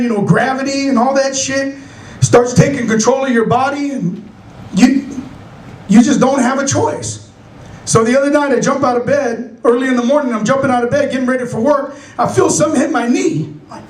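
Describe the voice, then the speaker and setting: A man's voice: very high voice, brisk. A middle-aged man from San Francisco performing a stand-up comedy set, telling stories animatedly and acting out characters in raised voices. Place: comedy club stage. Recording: echoey club from a distance.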